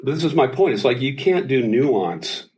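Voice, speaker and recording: Man in his sixties, interview guest, animated storyteller, mid-pitched voice. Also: normal speed, low-quality recording. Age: 60s. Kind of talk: casual interview talk.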